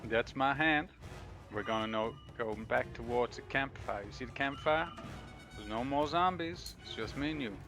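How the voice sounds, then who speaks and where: A man voicing a gentle male adventurer who talks a raging friend down in soft, coaxing words. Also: mid-range voice, vocal fry, over music, close to an everyday voice. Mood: soothing. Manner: soft, coaxing, slow calming talk.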